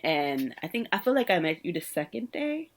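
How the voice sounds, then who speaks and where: Brief: podcast host, woman from Brooklyn, low-ish voice, animated chatty storyteller. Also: moderate pace, a little hiss or hum. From Brooklyn, New York. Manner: animated, laughs often, acts out quoted people. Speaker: podcast host, social worker. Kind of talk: casual conversational storytelling.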